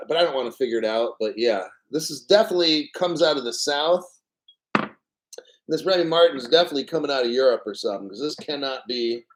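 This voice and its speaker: A man hosting a casual livestream, rambling and profane and clearing his throat often. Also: medium pitch, poor audio. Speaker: crypto livestream host.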